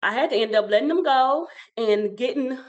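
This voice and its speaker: A woman who owns a childcare center, guesting on an interview and telling her story in an animated, rambling way, with frequent restarts. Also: high voice, moderate pace, highs cut off.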